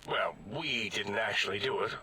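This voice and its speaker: An actor playing an eccentric, rambling male scientist in a video game, pompous and prone to contradicting himself, with a husky voice. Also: lowish voice, moderate pace, pushed and bright. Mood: explaining. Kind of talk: game character dialogue.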